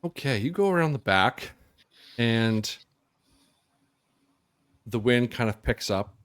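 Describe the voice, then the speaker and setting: A man's voice: mid-range voice, animated, slow, a bit bright, clear, resonant tone, dry recording. A man narrating as game master of a tabletop game, loose and rambling, with many ums and restarts.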